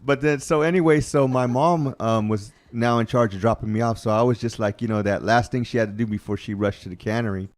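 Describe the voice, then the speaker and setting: A man's voice: mid-range voice, a little fast, hardly any pauses. A man, a talk-show guest telling a funny childhood story in a casual way and laughing often.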